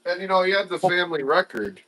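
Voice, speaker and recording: Man, bright voice, lively storyteller, casual fishing chat. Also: high voice, quick pace. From Wisconsin. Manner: excitable storyteller, acts out his own reactions. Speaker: guest, father of a young angler.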